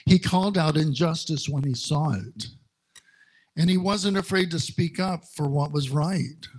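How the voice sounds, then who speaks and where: Slow, husky-voiced man preaching. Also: fairly high pitch, darkish tone. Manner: slow, conversational storytelling with wry humor. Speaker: minister. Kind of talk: sermon with personal stories.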